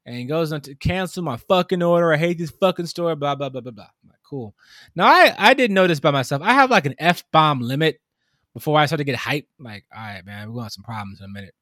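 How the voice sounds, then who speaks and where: A man telling a long story in casual conversation, animated and acting out the people in it. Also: on the high side, a little fast, no room sound, studio quality. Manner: animated storytelling, mimics customers. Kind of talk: casual chat.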